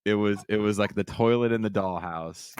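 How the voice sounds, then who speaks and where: A man hosting a podcast, telling a story in casual chat, animated and swearing freely with self-mocking humor. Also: on the low side, moderate pace, noisy background. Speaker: podcast host.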